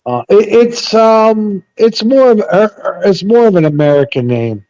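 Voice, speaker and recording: A man in a casual live chat whose voice sits a little high. He rambles through stories, bluntly and full of profanity. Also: expressive, measured pace, a little mellow, dry recording, lo-fi sound. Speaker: panel host.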